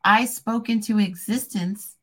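A woman talking to camera in a rambling, heartfelt vlog, soft-spoken and a little tearful. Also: mid-range voice, steady tone, a little slow, husky. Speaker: vlogger. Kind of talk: emotional personal vlog.

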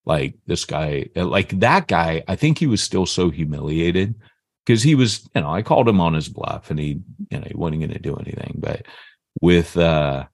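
Deep-voiced fifty-year-old man telling a story. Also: moderate pace, no room sound, studio quality. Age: 50s. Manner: animated, acts out the voices in his story. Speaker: podcast co-host. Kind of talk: casual storytelling.

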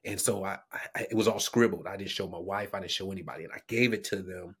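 A middle-aged man, a guest on a podcast, telling a personal story with animation, acting out the people he quotes and dropping to a hushed whisper at tender moments. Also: sits low, quick pace, breathy edge.

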